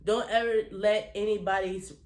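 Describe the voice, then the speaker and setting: A woman's voice: mid-range voice, steady tone, normal speed, roomy sound. A woman vlogger giving a blunt, profane, heartfelt motivational talk to her viewers, earnest and close to tears. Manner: emphatic, blunt and profane, repeating phrases for weight; earnest and emotional, holding back tears.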